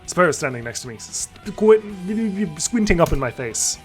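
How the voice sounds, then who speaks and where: A man's voice: high voice, sing-song, unhurried, faint music behind. A man hosting a let's play, reading a visual novel aloud with playful, self-mocking asides.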